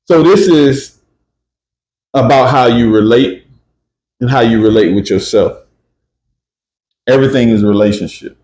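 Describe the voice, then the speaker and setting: A man's voice: medium pitch, measured pace, pauses often, darkish tone, roomy sound. A man hosting a casual spiritual talk, emphatic and often checking in with "right?" and "you see?". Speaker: podcast host.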